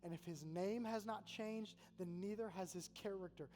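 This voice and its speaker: Speaking at a moderate pace, a man with a high, darkish voice delivers a sermon as a college pastor. He is earnest and conversational, circling back to repeated phrases, before an audience in a large, echoey Oxford hall with a faint hum.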